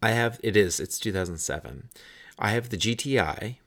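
A man's voice: on the low side, expressive, moderate pace, a bit bright. A man in his thirties telling a casual, rambling anecdote with frequent restarts and some swearing.

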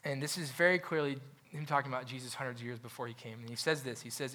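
A young adult man preaching a sermon as a pastor, animated and conversational, acting out quoted voices and restarting his phrases often. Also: medium pitch, fast talker.

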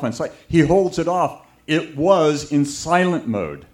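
A man preaching a sermon, telling a story with lively anecdotes and acting out the voices of people he quotes. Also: a little high, unhurried, few pauses.

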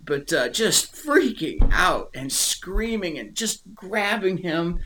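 A man in casual conversation about faith, rambling and restarting, animated and emotional as he speaks. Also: high-pitched, slow pace, few pauses, noisy background. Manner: rambling, animated, repeats words.

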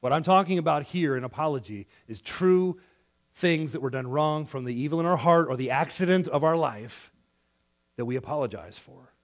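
A pastor delivers a sermon in a somewhat high voice. He acts out quoted lines and swings from loud, excited passages to hushed ones. He speaks to a congregation in church. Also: moderate pace.

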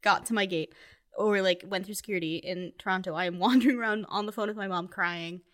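A woman's voice: mid-range voice, fast. A young woman telling a personal story in casual conversation, full of fillers and laughing asides. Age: young adult. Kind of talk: casual chat.

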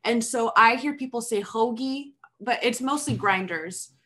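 A woman's voice: on the high side, unhurried, pushed and bright. A woman co-hosting a casual podcast chat, curious and giggly as she asks questions. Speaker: podcast co-host.

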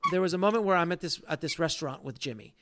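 A man in his thirties, a book author, telling animated stories as a guest and acting out quotes in other voices. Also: a little high, very fast, over a noisy crowd. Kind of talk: casual storytelling.

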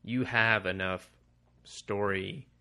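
A man's voice: lowish voice, steady tone, slow, vocal fry, bright, forceful tone. A man co-hosting a podcast, talking casually in a blunt, profane, ranting way. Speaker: podcast co-host. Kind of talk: casual chat.

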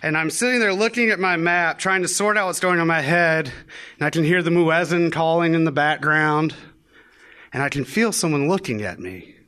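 A man's voice: fairly high pitch, moderate pace, pushed and bright, clear, resonant tone. A young man telling a funny personal story on stage, wry and self-mocking, acting out the lines he quotes. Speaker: live storyteller. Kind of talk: live personal storytelling to an audience. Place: live venue stage.

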